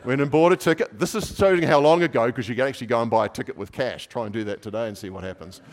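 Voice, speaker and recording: A man preaching a sermon, telling a story with lively swings in pitch and loudness and acting out the people in it. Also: rapid-fire. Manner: animated storyteller acting out voices.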